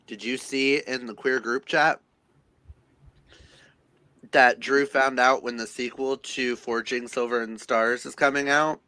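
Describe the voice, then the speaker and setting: A man's voice: medium pitch, unhurried, long pauses, clear, resonant tone, no room sound. A man chatting casually and dramatically about books with friends over a video call. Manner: animated, jokey and dramatic. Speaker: book vlogger. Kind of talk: casual chat.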